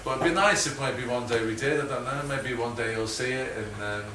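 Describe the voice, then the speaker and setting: A middle-aged man with a Liverpool accent talks through an audience Q&A, rambling and chatty, with frequent laughs and tag questions. He is picked up from a distance in an echoey room. Steady background noise sits under his voice. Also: medium pitch, brisk. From Liverpool, England. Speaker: guest filmmaker.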